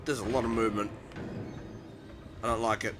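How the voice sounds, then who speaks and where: A man's voice: lowish voice, flat delivery, fairly quick. A man hosting a let's play, easily frightened and blurting nervous exclamations as he plays. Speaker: gaming channel host. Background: game music.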